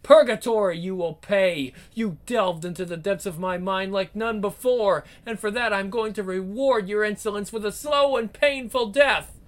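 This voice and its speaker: A woman voicing a cruel, seductive vampire queen in a comic book read-aloud, with slow, taunting, theatrical delivery and growls. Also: mid-range voice, close to an everyday voice.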